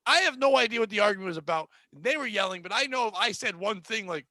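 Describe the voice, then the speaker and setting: A man's voice: high voice, animated, fast, bright, forceful tone, no echo, clean studio sound. A man in his forties, co-hosting a comedy podcast, telling stories in a profane, exasperated rant. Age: 40s. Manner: profane, ranting, exasperated storyteller. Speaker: podcast co-host. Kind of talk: comedic podcast banter and storytelling.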